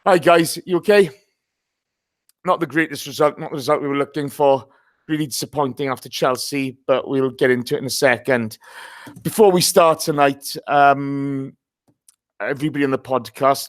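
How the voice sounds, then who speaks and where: A man's voice: mid-range voice, no echo, studio quality. A man hosting a casual football podcast, chatty and greeting listeners by name. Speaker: podcast host.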